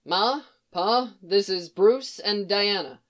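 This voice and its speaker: A woman voicing a gentle grown son, a young man who is earnest and a little exasperated. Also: medium pitch, takes it slowly.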